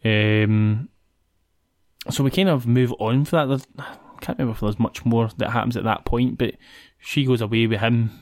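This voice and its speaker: A woman's voice: extremely low pitch, normal speed, a little mellow, dry recording. Scottish woman, film recap chat, giggly, rambling, dry close sound. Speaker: podcast co-host.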